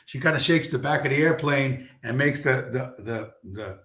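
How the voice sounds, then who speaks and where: A man hosting a stream, telling a long, rambling story with heavy profanity and many fillers. His pitch sits in a middle range. The voice echoes around a roomy space. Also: moderate pace, a bit bright. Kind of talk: casual rambling monologue. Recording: roomy echo.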